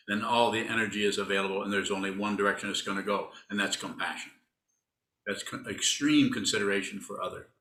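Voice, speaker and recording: A man's voice: lowish voice, bright, forceful tone, roomy sound, low-quality recording. A man giving a casual, rambling dharma talk as a Buddhist teacher, teasing and answering his students' questions.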